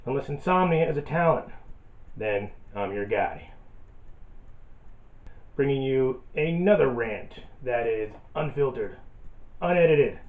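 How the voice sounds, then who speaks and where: A man's voice: mid-range voice, lively intonation, slow, long pauses, a little mellow. A man delivering a sarcastic, self-deprecating comedic rant as a vlogger. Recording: echoey, tinny phone-like audio.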